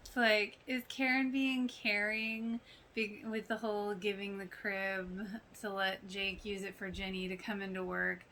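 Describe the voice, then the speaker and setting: A woman hosting a casual reaction podcast, talking in a chatty, animated way with exclamations and quoted lines. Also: mid-range voice, measured pace, a little hiss or hum, low-quality recording. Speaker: podcast host reacting to a TV show.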